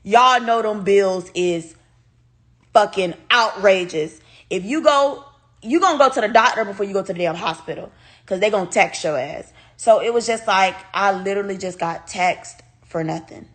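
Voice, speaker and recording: A woman chatting straight to her viewers in a loose storytime vlog. She is animated and candid and swears freely. Her voice sits at an ordinary middle pitch for a woman. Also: normal speed. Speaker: vlogger telling a personal story. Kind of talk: casual storytime chat.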